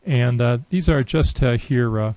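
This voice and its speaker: A man giving a relaxed, unscripted screen-recorded software tutorial, thinking aloud with many fillers. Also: medium pitch, measured pace, dry recording, low-quality recording. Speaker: software demonstrator.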